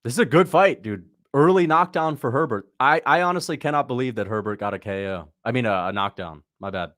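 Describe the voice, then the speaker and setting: A man hosting a casual livestream, reacting to a fight as it happens and talking to his chat, breaking into excited shouts at big moments. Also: medium pitch, brisk. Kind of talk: casual live commentary.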